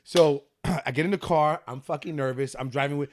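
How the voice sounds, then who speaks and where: Animated New man telling a story. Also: on the high side, brisk, a little hiss or hum. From New York City. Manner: animated, laughing, profane storyteller. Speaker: podcast guest, actor. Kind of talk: casual storytelling.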